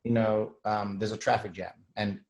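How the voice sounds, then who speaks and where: A low-voiced man rambling with throat clearing. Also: level tone, normal speed, darkish tone, rough recording. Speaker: host. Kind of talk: casual monologue.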